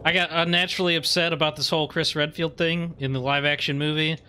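A young man streaming a video game with casual commentary. He swears freely and rants with growing excitement. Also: a little high, quick pace, a little hiss or hum. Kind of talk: casual let's-play commentary.

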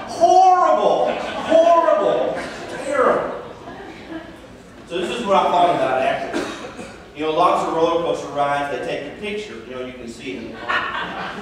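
A man in his thirties, a senior pastor telling a comic story in a sermon, joking at his own expense with playful exaggeration. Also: high voice. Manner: self-deprecating humor, playful exaggeration. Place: large church sanctuary. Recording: echoey church hall, distant mic, noise.

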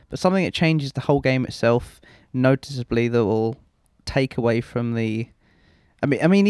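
A man's voice: medium pitch, a little mellow, smooth, no room sound. Rambling young man, dry close mic. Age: young adult. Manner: rambling, self-mocking, swears freely. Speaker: let's play host. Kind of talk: casual gameplay commentary.

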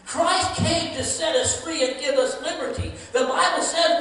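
A man's voice: extremely high pitch, measured pace, few pauses, sharp tone. A male pastor preaching a sermon earnestly, with repeated phrases and rising emphasis. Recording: echoey hall from far off, faint noise.

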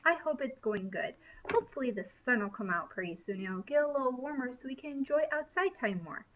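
A woman's voice: sits high, lively intonation, a little hiss or hum. A woman teaching first grade in a recorded lesson, speaking in an encouraging way. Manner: slow, encouraging teacher talk. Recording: dull sound from a distance.

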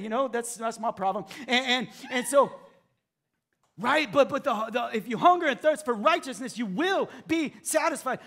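A male pastor preaching a sermon, acting out the voices of doubters, then dropping to hushed emphasis. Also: very high-pitched, normal speed.

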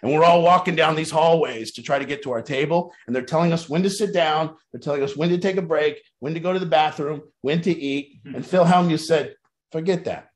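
A man's voice: fairly high pitch, brisk, few pauses. A middle-aged man leading a recovery program, talking bluntly and emphatically with plenty of swearing. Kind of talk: motivational talk.

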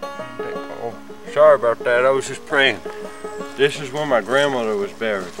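A man playing a rambling, unhinged backwoods man who stammers, trails off and bursts out loud. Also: mid-range voice, very animated, normal speed, music in the background, close to an everyday voice, rough recording. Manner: rambling, stammering, sudden outbursts. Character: rambling unhinged backwoods man, proud of his forest home. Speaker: comedian. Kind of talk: improvised comedy sketch.

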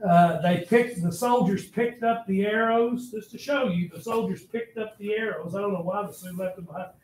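A man's voice: sits high, moderate pace, a little mellow. A male history teacher telling a story to his class in a dramatic, blunt manner and speaking straight to the students, recorded in an echoey classroom. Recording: echoey classroom, faint noise.

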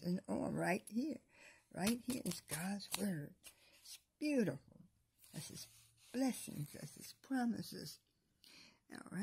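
A woman hosting a devotional video who reads Bible verses and prays, repeating encouragements and often dropping into soft whispers. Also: mid-range voice, creaky, slightly rough. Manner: repetitive, slips into soft whispers; exhorting, encouraging listeners. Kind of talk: Bible reading and prayer.

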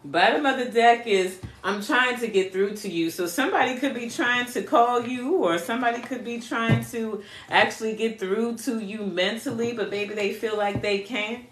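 A woman's voice: a little high, normal speed, few pauses, reverberant, background noise. A woman giving a casual live card reading, talking bluntly with profanity, laughing often and chatting with viewers. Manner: chats with viewers. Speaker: spiritual card reader.

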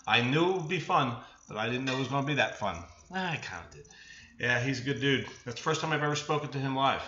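A male podcast host talks alone to close an episode, rambling and correcting himself as he goes. His voice comes across bright and forceful. The recording sounds roomy and a bit muffled, with a faint hiss underneath. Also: mid-range voice, lively intonation, quick pace. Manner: rambling, self-correcting, chuckling. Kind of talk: solo podcast outro.

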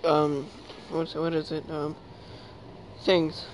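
A man's voice: fairly high pitch, monotone, takes it slowly, slight background noise, poor audio. A man hosting a casual gaming chat, teasing his friend and laughing constantly. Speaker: channel host.

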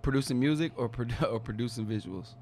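A man's voice: medium pitch, fast, a little mellow, slight background noise. A man hosting a podcast, asking his guest questions in an easygoing chat. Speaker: podcast host. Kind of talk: casual chat.

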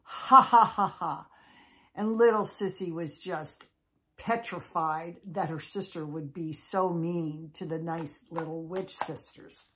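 Animated woman storyteller. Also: low voice, a little slow. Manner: animated, conversational. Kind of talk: telling an original story.

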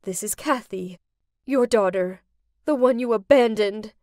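A woman voicing an anxious, stammering middle-aged mother in an animated story. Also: medium pitch, a little slow, no echo, clean studio sound, lightly acted. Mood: cold. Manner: hesitant, pleading.

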